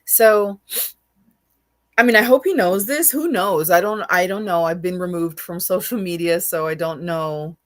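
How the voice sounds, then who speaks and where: A woman's voice: fairly low pitch, moderate pace. Candid, emotional woman in casual chat. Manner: emotional, candid, restarts and repeats words. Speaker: co-host.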